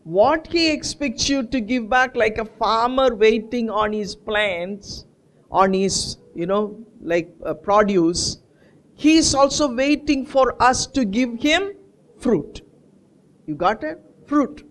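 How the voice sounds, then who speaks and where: A preacher delivering a sermon, asking the congregation questions and answering them, and repeating key words for emphasis. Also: mid-range voice. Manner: call-and-response questions to the congregation; slow, stretched phrasing.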